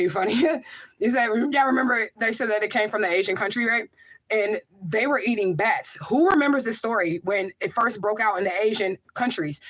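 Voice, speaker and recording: A woman's voice: medium pitch, fairly bright tone. A woman hosting a casual livestream, reading viewer comments aloud and answering them in an emphatic, rhetorical way, often asking "okay?". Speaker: livestream host and spiritual medium.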